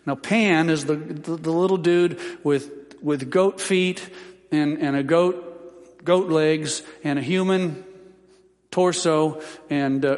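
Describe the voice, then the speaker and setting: A male pastor delivering a sermon, his slightly higher voice carrying in a hall with a long echo. He teaches scripture in a folksy way, dropping joking asides along the way. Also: a little mellow.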